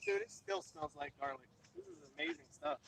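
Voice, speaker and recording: A man's voice: very high voice, brisk. A man fishing nearby who chats casually, tells stories with loose energy and swears now and then. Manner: loose, swears, animated storyteller. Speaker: fellow angler. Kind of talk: casual chat. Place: outdoors at a lake. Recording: distant from the phone, clear outdoor noise.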